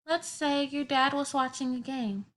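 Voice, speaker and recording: A woman's voice: sits high, measured pace, a bit bright. A woman teaching a grammar lesson to children, explaining patiently step by step with everyday examples.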